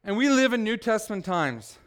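A male pastor preaching a sermon, swinging from quiet asides to loud, emphatic exhortation. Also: high voice, sing-song, fairly quick.

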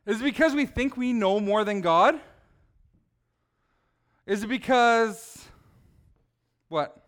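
A man's voice: sits high, animated, takes it slowly, a bit bright. A middle-aged man giving a casual sermon, talking conversationally, asking his listeners questions and acting out people's reactions. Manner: conversational, asks the audience questions, acts out people. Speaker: preacher.

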